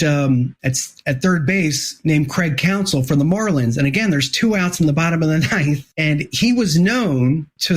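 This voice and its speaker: A man, an author and former sportswriter, telling a story as an interview guest, animated and full of restarts. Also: fairly high pitch. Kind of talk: conversational storytelling.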